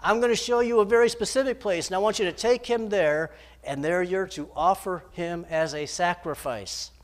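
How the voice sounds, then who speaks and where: A man's voice: sits high, fairly even intonation, normal speed, close to an everyday voice. A man speaking as God in a sermon story, commanding and emphatic. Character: God commanding Abraham, solemn.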